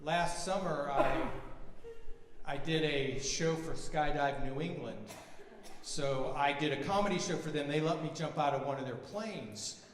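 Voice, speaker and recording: High-voiced man doing loud stand-up. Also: measured pace. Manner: loud exasperated storytelling, shouting punchlines. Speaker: stand-up comedian. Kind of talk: stand-up comedy set. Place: comedy venue with live audience. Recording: echoey venue from a distance, audience noise.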